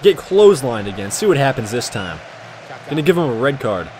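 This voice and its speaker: A man giving casual, jokey commentary while playing a football video game, often shouting at the action. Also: medium pitch, sing-song, brisk, a little hiss or hum. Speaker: gaming commentator.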